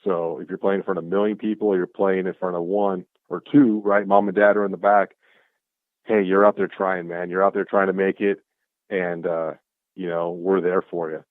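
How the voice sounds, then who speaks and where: A man with a fairly low voice tells stories with excitable energy, acting out what everyone said. His voice comes through a thin, tinny call line that sounds like a phone. The sound is dry, with no room around it. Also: moderate pace, no room sound. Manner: excitable, acts out quoted exchanges. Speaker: guest, clothing brand founder. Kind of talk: casual storytelling chat. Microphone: call audio.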